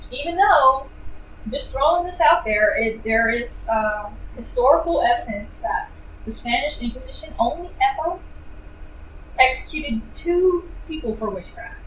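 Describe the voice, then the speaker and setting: Speaking a little slowly, a woman with a fairly high voice gives an animated, sarcastic book review packed with fillers. Her voice echoes in a roomy space, picked up from a distance, with faint noise in the background.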